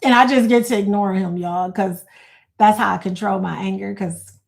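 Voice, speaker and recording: A woman's voice: medium pitch, fairly even intonation, moderate pace, vocal fry. A middle-aged woman hosting a casual livestream, chatting, reading viewer comments aloud and laughing often. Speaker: livestream host.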